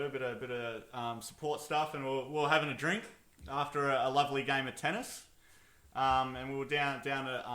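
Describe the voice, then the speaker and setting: Rambling man, bright echoey voice. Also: medium pitch. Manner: rambling, lots of ums and likes. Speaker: podcast co-host. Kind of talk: casual storytelling chat.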